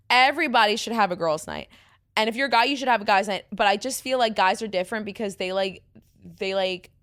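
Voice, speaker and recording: A woman's voice: mid-range voice, a little fast, a bit bright. A young woman with a New York accent, hosting a casual podcast, tired and rambling, laughing often. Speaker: podcast host. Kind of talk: casual chat.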